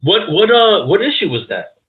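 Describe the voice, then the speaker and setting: A man hosts a casual chat, keeping his questions short and laid-back. His pitch moves around a lot. The sound is tinny, like a phone line. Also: very animated, moderate pace. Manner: laid-back, brief responses. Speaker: host. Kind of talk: casual interview.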